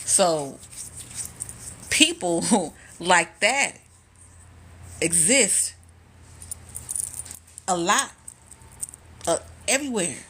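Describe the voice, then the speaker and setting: A woman's voice: lowish voice, animated, drawn-out words, pauses often, pushed and bright, slightly rough. A woman telling stories casually on a phone live stream, blunt, profane and repeating herself for emphasis. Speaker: spiritual content creator. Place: indoors at home on a live stream.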